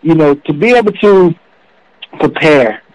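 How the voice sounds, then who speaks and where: A man's voice: fairly high pitch, animated, measured pace, darkish tone, dry recording, rough recording. A man, a former football player telling an earnest, emotional story in an interview, full of "you know"s.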